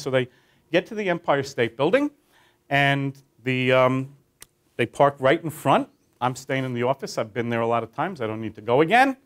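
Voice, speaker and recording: A man leading a training class through a guided teaching tale, talking animatedly and quizzing his listeners. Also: mid-range voice. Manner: animated, addresses listeners with questions.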